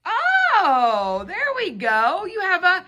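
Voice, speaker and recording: A woman teacher gives a phonics lesson to a young child, her bright voice swooping up and down a lot as she patiently sounds out each letter. She talks slowly and sits a little high in pitch. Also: huge pitch swings.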